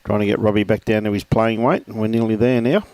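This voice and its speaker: A man's voice: fairly low pitch, steady tone, a little fast, a little mellow, dry recording. A man with an Australian accent co-commentating lawn bowls, easygoing and jokey, forever calling his partner mate. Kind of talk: live sports commentary.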